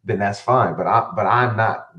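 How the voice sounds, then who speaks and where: A male football coach recounts stories as a podcast guest. His voice sits a little low, and he speaks casually with frequent fillers and restarts. He animates his stories by voicing the people in them. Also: moderate pace, muffled recording. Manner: animated storyteller who acts out quotes, many fillers and restarts. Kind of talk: interview storytelling.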